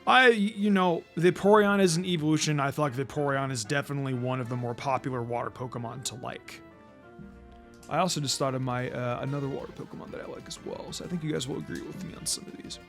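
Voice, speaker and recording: A man's voice: medium pitch, steady tone, quick pace, over music. A young man giving casual let's-play commentary, rambling with many fillers and stumbling restarts. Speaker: gaming commentator.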